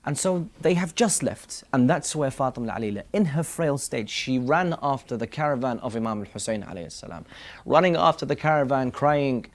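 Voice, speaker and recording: A man's voice: medium pitch, animated, a little fast. A man giving an emotional religious sermon, retelling a mourning story with quoted dialogue and rising into chanted lament. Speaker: religious speaker. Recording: long hall reverb.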